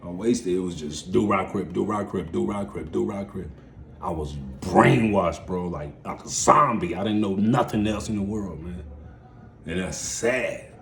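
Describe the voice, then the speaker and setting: A man in his forties telling his life story in a casual, rambling way, heavy on street slang, dropping to mumbles and then jumping up loud and excited. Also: lowish voice, gravelly, slight background noise. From United States.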